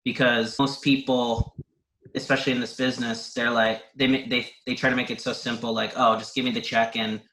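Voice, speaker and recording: A man's voice: medium pitch, level tone, a little fast, bright, forceful tone, reverberant, a little hiss or hum, poor audio. A man hosting a podcast, chatting casually and affirming his guest. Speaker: podcast host.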